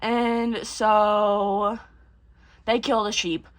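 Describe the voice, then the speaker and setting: A young woman casually recapping a film, rambling and swearing, jumping into quick voices for the characters. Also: mid-range voice, flat delivery. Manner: rambling and profane, acts out characters in quick bursts. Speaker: vlogger.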